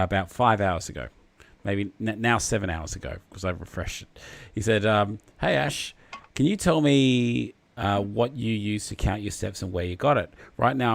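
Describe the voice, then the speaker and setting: Rambling, jokey man, low voice. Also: vocal fry. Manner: rambling and jokey, reads out viewer comments. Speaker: livestream host. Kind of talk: casual chat on a livestream.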